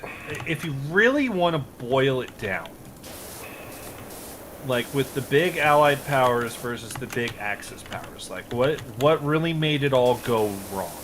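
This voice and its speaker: A man's voice: medium pitch, expressive, a little slow, fairly bright tone, slight background noise, rough recording. A man chatting casually while gaming on a stream. He is rambling and opinionated, and he swears freely. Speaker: streamer co-host.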